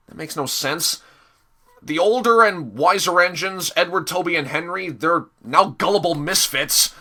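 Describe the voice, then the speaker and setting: A young man rants through a casual review in a sarcastic, exasperated tone. He talks slowly, stopping and restarting often. His voice is bright, tense and a little high. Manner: hesitant, many fillers and restarts. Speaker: episode reviewer.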